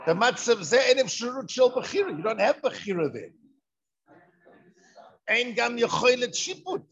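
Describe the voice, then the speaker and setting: A man giving a lively Torah lecture, firing rhetorical questions and answering them himself. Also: extremely high pitch. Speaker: Torah teacher. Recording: dull lo-fi recording.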